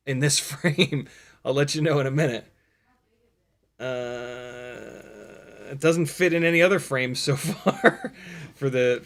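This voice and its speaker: A man's voice: medium pitch, a bit bright. A man hosting a livestream, chatting loosely as he works and answering viewer questions, with casual swearing and dry sarcasm. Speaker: livestream host building a drone.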